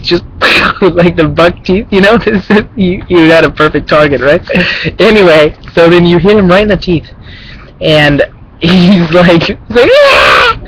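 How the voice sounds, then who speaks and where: Rambling young man, slightly high voice. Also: a little hiss or hum, low-quality recording. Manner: rambling, animated storytelling full of fillers and sound effects. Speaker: vlogger addressing his twin brother. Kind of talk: casual spoken message.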